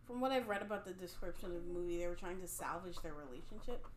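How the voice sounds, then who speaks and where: A woman's voice: on the low side, animated, fast, roomy sound, a little hiss or hum. A woman in a casual movie chat who chimes in to correct details and criticize the plot. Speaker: podcast co-host.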